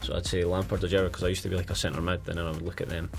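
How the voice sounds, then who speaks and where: A man's voice: sits low, flat delivery, racing, creaky, soft background music. A young man, a professional footballer guest, talking in a laid-back, loose way with lots of fillers in a studio interview. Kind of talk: casual interview.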